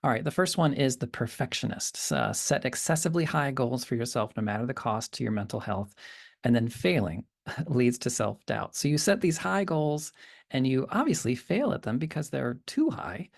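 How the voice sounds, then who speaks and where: A man teaching a course module in a relaxed, hesitant way, often pausing and restarting. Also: medium pitch, creaky. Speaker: course instructor. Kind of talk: lecture.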